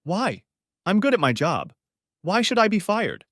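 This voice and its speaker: A man's voice: high-pitched, huge pitch swings, unhurried, fairly bright tone, no echo, studio quality, voice pushed up, full character voice. A man voicing a sobbing, pleading wife. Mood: begging. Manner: pleading, tearful. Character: desperate sobbing wife caught cheating.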